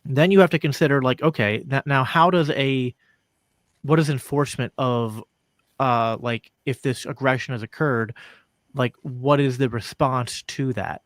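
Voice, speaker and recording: A man hosting a casual podcast conversation, his voice sitting at an ordinary middle pitch. He talks in loose, looping sentences full of "like" and small laughs. The recording is close and dry, with almost no room sound. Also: steady tone, no room sound. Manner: loose, filler-heavy talk with frequent "like" and quick laughs. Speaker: podcast host.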